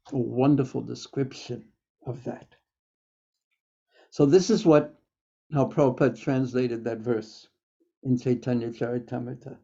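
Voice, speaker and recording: A man's voice: medium pitch, vocal fry, dark tone. A man teaching a class on scripture, telling stories and quoting verses with occasional fillers. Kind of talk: scripture lecture. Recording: dull, lo-fi lecture recording.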